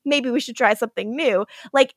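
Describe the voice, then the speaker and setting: A woman co-hosting a podcast, recapping a TV episode in animated, profane storytelling. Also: a little high, a little fast, no room sound, clean studio sound. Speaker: podcast co-host. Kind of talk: casual recap chat.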